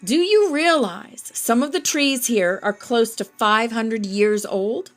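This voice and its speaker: A woman's voice: on the high side, expressive, slow, soft background music. Friendly forty-something guy, fit, outdoorsy, as a lady reads him in her normal voice. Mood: earnest. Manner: plain reading, hardly changed from her narration. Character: friendly fit middle-aged male researcher.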